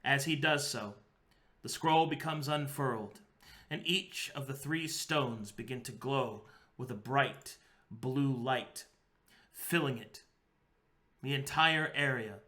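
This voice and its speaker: A man narrating a tabletop game as game master, describing the scene slowly and dramatically. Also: medium pitch, pushed and bright.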